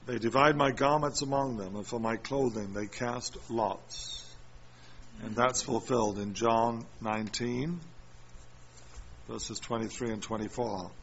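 A man's voice: medium pitch, vocal fry. A man preaching a sermon, reading scripture and repeating chapter and verse. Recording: muffled recording with faint room noise.

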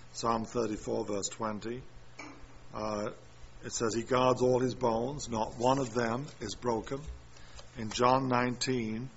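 Gravelly man reading scripture references. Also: medium pitch. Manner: reads scripture references aloud, repeating chapter and verse. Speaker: preacher. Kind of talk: sermon. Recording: muffled recording with faint room noise.

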